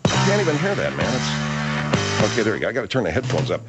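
Male talk radio host, riffing and exaggerating, pitch swings a lot. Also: fast talker, creaky, loud music behind the voice. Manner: animated, riffing, comic exaggeration.

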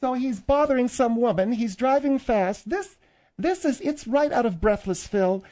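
A woman's voice: fairly high pitch, lively intonation, moderate pace, dark tone. An older woman co-hosting a radio show, bantering in a bossy, teasing way. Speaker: radio co-host.

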